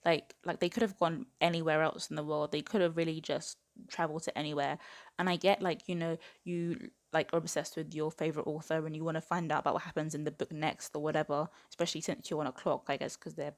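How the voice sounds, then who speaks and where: A woman's voice: low voice, flat delivery, fast. A woman in her twenties giving a casual book review, chatty and exasperated, with lots of "like". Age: 20s. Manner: exasperated, chatty rant full of "like".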